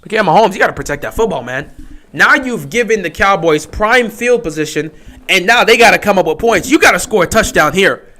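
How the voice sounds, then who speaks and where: A man hosting a livestream, giving casual play-by-play commentary and reacting loudly to big plays. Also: a little fast. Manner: excitable, swings from low musing to loud shouting on big plays; chatty, talks straight to players and chat. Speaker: livestream host calling the game.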